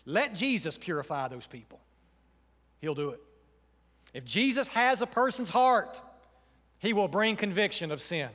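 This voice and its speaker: A man preaches a sermon from the pulpit, his fairly high voice swelling on emphatic questions and falling quiet again. His words ring out into a church with a long reverb tail. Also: sing-song, unhurried, long pauses. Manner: earnest preaching, rising to emphatic questions then dropping soft. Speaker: pastor.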